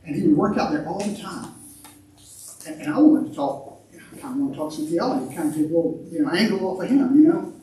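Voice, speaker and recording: A man preaching a sermon as pastor, in an animated style that repeats words and swings between loud and quiet, recorded in a church sanctuary. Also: on the high side, fast talker, a little hiss or hum. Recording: echoey sanctuary, mic at a distance.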